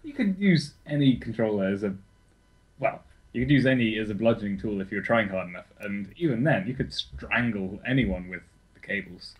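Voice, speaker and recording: A man's voice: lowish voice, expressive, a little fast, breathy edge, low-quality recording. A young man co-hosting a podcast in casual, sweary, self-correcting chat. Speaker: podcast co-host.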